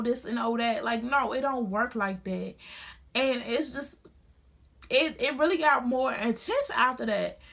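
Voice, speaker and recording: A woman's voice: fairly high pitch, fairly bright tone. A young woman vlogger telling a painful personal story to a phone camera in casual, earnest speech full of restarts. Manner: earnest and emotional, many restarts. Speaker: beauty vlogger. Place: home studio.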